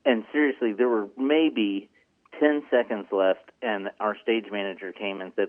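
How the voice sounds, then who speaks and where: A man with a lowish voice speaks at a moderate pace in a casual interview as an executive producer, earnest and rambling with lots of ums. There's no room sound, and the line is tinny and phone-like.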